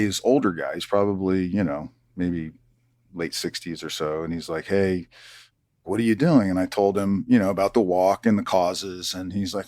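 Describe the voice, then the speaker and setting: At normal speed and with a low voice, a middle-aged former army colonel narrates stories as a guest in a conversational interview. He brings quoted conversations to life with animated acting, and the recording is clean studio sound without echo.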